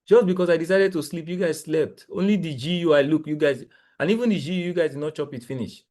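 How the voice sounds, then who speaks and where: A young man, coaching traders live while sharing his screen, talking in an excitable, exclamatory, rambling way with lots of repeats. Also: a little high, fast talker. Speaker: trading coach. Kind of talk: live screen-share trading analysis.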